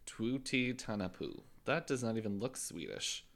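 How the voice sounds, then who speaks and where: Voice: medium pitch, expressive, moderate pace, vocal fry. A podcast co-host chatting casually, throwing in dry, teasing one-liners. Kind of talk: casual chat.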